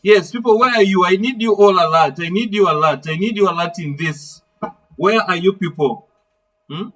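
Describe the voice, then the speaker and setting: A man's voice: high voice, moderate pace, far from the mic, poor audio. A man teaching a literature lesson, calling on students by name and asking fill-in-the-blank questions. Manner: animated, acts out voices of characters. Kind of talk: live online literature lesson.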